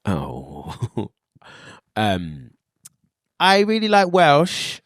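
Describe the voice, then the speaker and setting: A low-voiced man chats as a podcast guest, his pitch bouncing all over as he giggles. He talks in a playful, hesitant way, trailing off and restarting. The sound is close and dry. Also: wildly swooping pitch, drawn-out words, no echo. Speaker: podcast guest, drag performer. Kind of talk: casual comedic chat.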